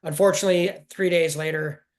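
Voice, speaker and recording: A man in his forties telling his personal story in an interview, halting and emotional, often restarting his sentences. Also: a little high, fairly even intonation. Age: 40s. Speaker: guest.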